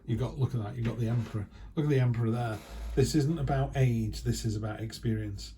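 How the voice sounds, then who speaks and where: A man's voice: mid-range voice, fast, warm tone, a little hiss or hum. A man giving a casual, chatty tarot reading who acts out quoted remarks in other voices. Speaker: tarot reader.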